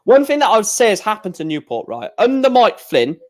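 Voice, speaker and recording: A man's voice: sits high, big pitch swings, a little fast. A young man chatting casually on a live stream, rambling with stammered restarts and blunt opinions.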